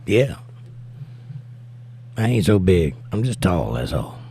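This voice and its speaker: A man's voice: low-pitched, big pitch swings, takes it slowly, gravelly, loud music behind the voice. A tired middle-aged man hosting a casual live stream, reading viewer comments aloud and answering them with laid-back, wry remarks. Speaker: livestream host.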